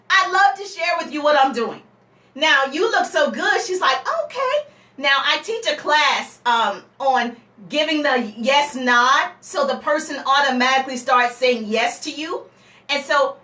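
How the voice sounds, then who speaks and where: A woman business coach teaching networking scripts at a live seminar, energetic and playful, acting out both sides of a conversation with teasing asides to the audience. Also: high-pitched. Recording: echoey room, mic at a distance.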